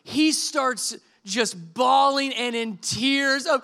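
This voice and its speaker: High, bright-voiced man telling a story. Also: measured pace. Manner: animated storytelling, acts out quotes, self-deprecating asides. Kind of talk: sermon illustration told as a story.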